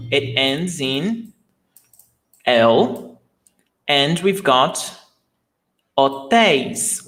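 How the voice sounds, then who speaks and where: Guy teaching online, talks real slow, voice a bit high, repeats stuff and quizzes the class. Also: a bit bright, rough recording. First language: Portuguese. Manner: patient, repeats words slowly, asks students questions. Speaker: Portuguese teacher. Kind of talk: live online lesson.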